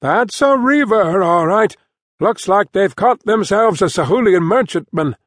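A man's voice: high-pitched, animated, a little slow, a bit bright, dry recording, clean studio sound, pitched above the performer's own voice, heavily acted. A man voicing a blunt, alert ship captain who talks in clipped seaman's phrases tagged with "eh" and "aye". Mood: gruff. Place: dry studio booth.

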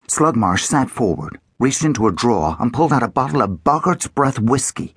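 A man narrating a children's adventure audiobook in the first person, expressive and animated. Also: medium pitch, normal speed, hardly any pauses, breathy edge, dry recording, studio quality.

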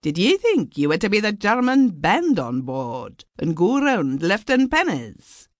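A woman's voice: mid-range voice, big pitch swings, measured pace, no echo, studio quality, voice pushed up. A woman voicing a grumpy, disdainful Scottish ship engineer with a cold, sarcastic manner.

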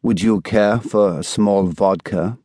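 A man voicing an aging, cultured German exile with precise, carefully polished speech and a quiet, menacing edge. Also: lowish voice, steady tone, slow, breathy edge, no room sound, studio quality.

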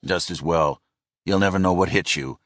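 A man voicing a gruff, teasing male pilot in an audiobook who talks in wry, easygoing banter. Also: sits low, moderate pace, fairly bright tone, no echo, studio quality.

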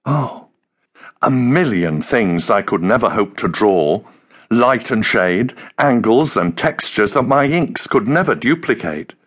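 A gentle, soft-spoken young man, voiced by a male audiobook narrator. He talks quietly and earnestly, with a steady, middling tone. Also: mid-range voice, slow pace. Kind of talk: audiobook character voice.

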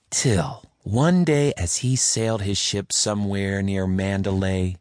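A man's voice: fairly low pitch, no room sound, studio quality. A man narrating a rhyming children's audiobook with a rhythmic, sing-song delivery. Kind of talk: reading a rhyming story aloud.

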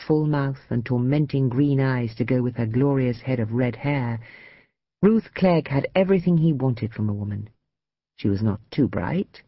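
A woman narrating a novel in a measured, dramatic storytelling manner. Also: rumbling low, slightly rough, no echo, dull audio. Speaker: audiobook narrator. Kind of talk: scripted narration.

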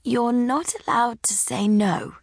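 Lady reading as a teasing sick friend in her thirties, lighter and breathy, half whispered, pretty bossy. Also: fairly high pitch, slow, no echo, clean studio sound, voice pushed up. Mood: conspiratorial. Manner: teasing, bossy, soft-spoken. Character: cheeky, teasing dying woman in her thirties.

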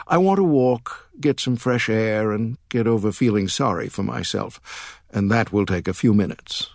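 A man's voice: on the low side, moderate pace, gravelly, no room sound, studio quality. A man reading an audiobook, voicing a tearful, earnest young woman who works as a political chief of staff, with his voice raised.

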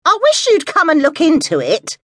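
A woman's voice: sits high, huge pitch swings, moderate pace, no echo, studio quality, pitched above the performer's own voice. A woman voicing a querulous, pushy older woman on the phone, whiny and impatient, for an audiobook. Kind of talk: audiobook dialogue.

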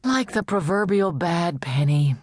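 A woman's voice: on the low side, lively intonation, a little mellow, no echo, studio quality. A woman doing a brash, cheeky reporter. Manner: pushy, cheeky, quick. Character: brash, scruffy female newspaper reporter.

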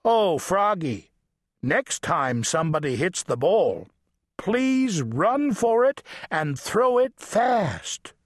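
A man voicing a patient frog dad from a storybook, gently pleading with his son. Slow, lilting delivery in a dry booth. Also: sits high, sing-song, no room sound, exaggerated voice. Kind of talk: audiobook character voice.

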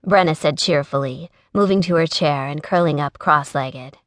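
A woman narrating a contemporary romance audiobook in a smooth, even storytelling manner on a close studio mic. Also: low voice, moderate pace, few pauses, no echo.

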